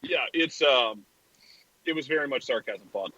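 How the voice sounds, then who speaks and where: A man's voice: medium pitch, lively intonation, moderate pace, highs cut off, crowd noise. A man co-hosting a casual soccer podcast, wry and sarcastic. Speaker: podcast co-host. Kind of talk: casual sports talk.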